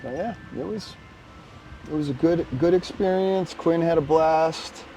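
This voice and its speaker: A man co-hosting a casual podcast, telling stories with bursts of excited shouting. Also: on the high side, a little slow, slight background noise. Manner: animated storyteller, bursts of excited shouting when retelling. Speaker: podcast co-host. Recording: slightly distant mic with faint background ambience.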